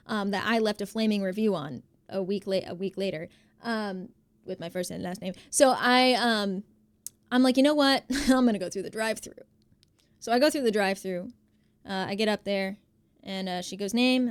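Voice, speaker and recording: A young woman, streaming live and telling a story to her chat, acting out the quotes in an animated, exasperated way. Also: mid-range voice, clean tone, no echo.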